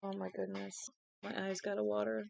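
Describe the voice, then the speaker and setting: A woman's voice: medium pitch, level tone, moderate pace, gravelly, a little mellow, no room sound, rough recording. A young woman reading a novel aloud to a live-stream audience, tired and yawning, chatty, with casual asides between passages. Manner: chatty, breaks off reading to talk to chat.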